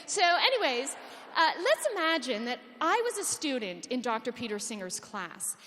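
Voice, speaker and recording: High, lively woman speaking in a hall. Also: moderate pace, a little hiss or hum. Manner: animated, humorous, full of rhetorical questions. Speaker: conference speaker. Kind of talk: conference talk. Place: large conference hall. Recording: long reverb of a conference hall.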